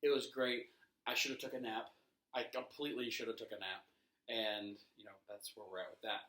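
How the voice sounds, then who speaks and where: Bright-voiced laughing podcast man. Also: on the low side, brisk, reverberant. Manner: animated, laughing storyteller, swears casually. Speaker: podcast co-host. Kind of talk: casual chat about wrestling.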